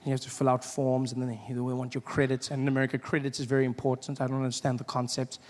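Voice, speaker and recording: A young man from South Africa with a South African accent, telling stories in a stand-up comedy set and bursting into loud acted shouts. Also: mid-range voice, monotone, fast talker, long reverb tail. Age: 20s.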